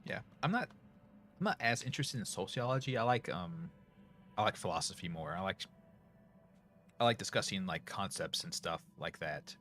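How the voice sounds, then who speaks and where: A man's voice: fairly low pitch, expressive, moderate pace, long pauses, a bit bright. A middle-aged man with a Northern US accent chatting casually to viewers, rambling with many fillers and restarts. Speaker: streamer. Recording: faint music behind.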